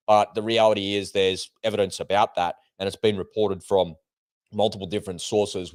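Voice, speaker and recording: A man's voice: low-pitched, a little mellow, no room sound. A man co-hosting a live political and market talk show, laying out his points step by step with conversational asides. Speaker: co-host. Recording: remote broadcast with slight delay.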